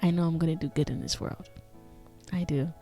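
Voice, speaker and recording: A woman's voice: deep voice, fairly even intonation, fairly quick, warm tone, faint music behind. A young woman hosting a podcast, giving a casual, affectionate pep talk, swearing freely and sometimes dropping to a whisper. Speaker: podcast host. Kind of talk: casual encouraging monologue.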